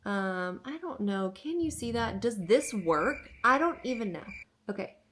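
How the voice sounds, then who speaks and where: A woman's voice: on the high side, lively intonation, unhurried, fairly bright tone. A young woman hosting a casual haul video at home, bubbly and gushing, with many fillers. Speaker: vlogger.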